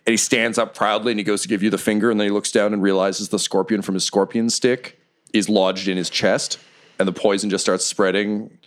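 Low-voiced male game master. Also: flat delivery, brisk. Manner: playful, laughing often. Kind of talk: narrating a tabletop game.

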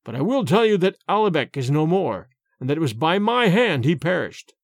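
A man voicing a pale old father back from the dead, speaking slowly and sternly. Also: a little high, sing-song, dry recording, studio quality.

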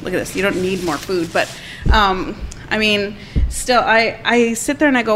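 A woman's voice: mid-range voice, normal speed, fairly bright tone, slight background noise, low-quality recording. A woman who owns a cafe and cooks there, chatting with enthusiasm about her food and laughing often on a food show. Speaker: cafe owner and cook. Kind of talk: casual chat on a food show. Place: restaurant.

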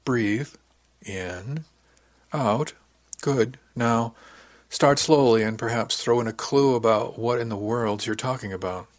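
A man voicing a woman who leads a ship section, gentle but blunt, with a dry sense of humor. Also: mid-range voice, slow, close to an everyday voice. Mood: caring. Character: female section chief, firm and caring.

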